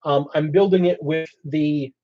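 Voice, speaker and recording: A man's voice: on the high side, steady tone, a little slow. A man hosting a casual hobby channel chat, thinking aloud as he explains his plans. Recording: slightly dull lo-fi audio.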